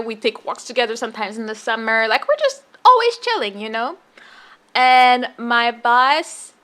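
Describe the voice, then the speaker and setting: A woman's voice: on the high side, pushed and bright. A young adult woman streamer telling a work story in casual chat, rambling and full of filler words and restarts.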